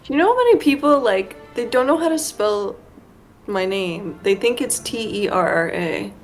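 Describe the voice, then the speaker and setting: A woman's voice: mid-range voice, animated, normal speed, soft background music. Teasing woman chatting over a game. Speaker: co-host playing along. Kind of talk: casual chat.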